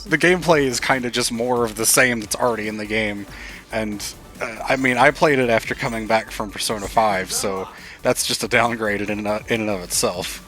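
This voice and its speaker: A man's voice: on the low side, normal speed, a bit bright, faint music behind. A laid-back young man co-hosting a casual game stream, swearing now and then. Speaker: co-host. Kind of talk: casual gameplay commentary.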